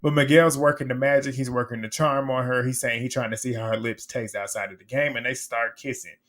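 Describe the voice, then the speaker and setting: A man recapping a reality dating show in casual commentary, blunt and animated, laughing often. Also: mid-range voice, fairly quick.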